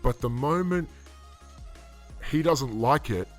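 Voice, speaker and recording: A man's voice: mid-range voice, expressive, slow, soft background music. A man giving casual, indignant commentary on a video clip, rambling with fillers and restarts. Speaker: online commentator.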